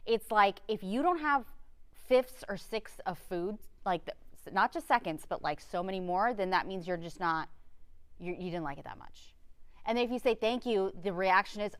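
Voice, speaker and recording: Young woman tv cohost, smooth clear voice, animated, keeps saying yes, studio chat. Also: medium pitch. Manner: animated, quick to agree, storytelling. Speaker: TV show co-host. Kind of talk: casual chat.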